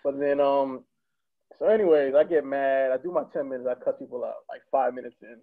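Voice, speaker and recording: A young man from Connecticut, a stand-up comedian guesting on a podcast, telling stories in an animated, profane, casual way and laughing along. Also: mid-range voice, a little fast. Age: young adult. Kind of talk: casual storytelling. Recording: tinny phone-like line.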